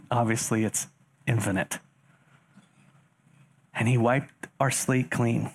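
A pastor preaches a sermon, reading scripture aloud and explaining it while speaking straight to the congregation. His husky, mid-range voice moves at a slow pace, rising animatedly for emphasis and posing rhetorical questions.

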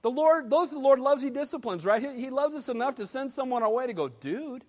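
A man preaching a sermon as pastor, animated and swinging between loud exclamations and hushed, earnest pleas. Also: very high-pitched, brisk. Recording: long hall reverb.

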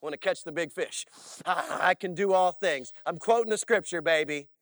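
A male pastor preaching a sermon, telling stories in an animated way and often checking in with "all right?". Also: a little high, normal speed, dry recording. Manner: animated storytelling with frequent "all right?" asides.

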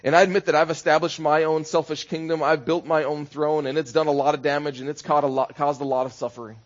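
A man's voice: on the high side, level tone, quick pace, highs cut off. A man preaching a sermon as pastor, conversational, building into rhythmic repeated phrases.

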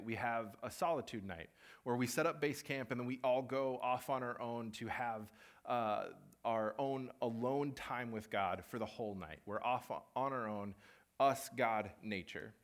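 A man's voice: mid-range voice, moderate pace. A young man giving a sermon and telling a personal story in a conversational way, acting out what people said. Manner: conversational, animated storytelling with acted-out quotes. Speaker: preacher.

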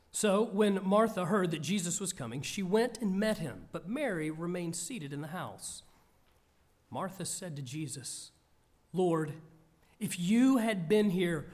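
Slow, high-voiced male preacher. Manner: slow, measured, earnest delivery. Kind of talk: scripture reading and sermon.

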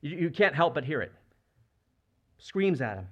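A man's voice: a little high, big pitch swings, measured pace, dull audio. A man preaching a sermon as a pastor, speaking conversationally and asking the congregation rhetorical questions. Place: church.

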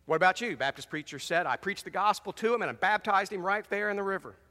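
A man preaching a sermon as pastor, animated, telling jokes and reading scripture with dramatic emphasis. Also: high-pitched, quick pace. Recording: long reverb of a large hall.

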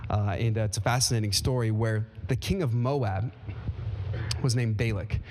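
A man preaching a sermon as pastor, telling a scripture story with animated energy and some fillers. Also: moderate pace, a little hiss or hum. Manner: animated storytelling, rising pitch when excited. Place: church sanctuary. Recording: long reverb of a large hall.

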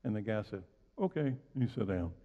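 A male pastor giving a conversational sermon, telling stories and rising and falling sharply as he preaches. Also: quick pace. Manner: conversational, storytelling preacher with big swings in pitch and loudness. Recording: dull recording with long hall reverb.

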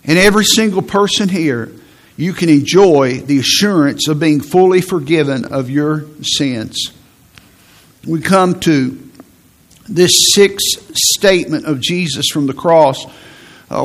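A man's voice: a little high, unhurried. A male pastor preaching a sermon, emphatic, repeating phrases and restarting as he builds a point.

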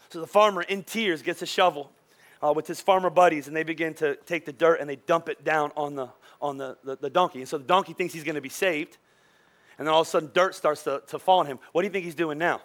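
Pastor guy preaching, pretty high voice, animated storyteller, lots of restarts. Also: quick pace. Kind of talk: sermon.

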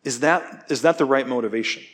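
A man's voice: medium pitch, brisk, fairly bright tone. Man preaching a casual, chatty sermon. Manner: casual, self-deprecating, asks "okay?" often. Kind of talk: conversational sermon.

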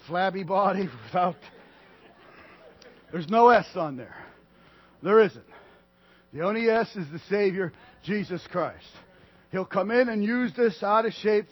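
A man preaching a sermon to a congregation, swinging from loud declarations to quiet asides. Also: sits high, breathy edge, muffled recording. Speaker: pastor.

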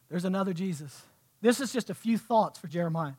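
A male pastor preaching in church with a high voice. He moves from quiet, heartfelt passages to loud, impassioned bursts. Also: lively intonation, brisk. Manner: impassioned preaching, swinging from soft to shouting. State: sweating. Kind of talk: sermon.

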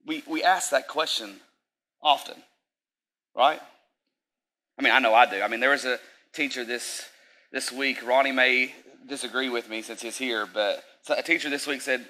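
Bright-voiced casual young man preaching. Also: medium pitch, moderate pace, low-quality recording. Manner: casual, talkative, many fillers. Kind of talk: sermon.

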